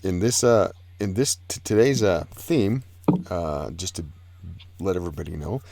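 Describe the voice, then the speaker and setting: A man hosting a casual live-stream art show, talking in a halting, rambling, laid-back way. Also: low-pitched, vocal fry, darkish tone, no room sound. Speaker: host.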